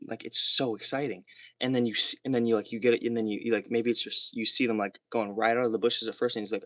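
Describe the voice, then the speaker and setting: Rambling, excitable young man, dry room. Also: mid-range voice, fast talker, no echo. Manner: excitable, rambling, heavy swearing and filler words. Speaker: livestreamer. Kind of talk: rambling livestream monologue. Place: small soundproofed room.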